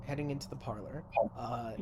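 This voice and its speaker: A man narrating a tabletop game as game master in a relaxed, descriptive way, over a noisy background. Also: mid-range voice, a little fast.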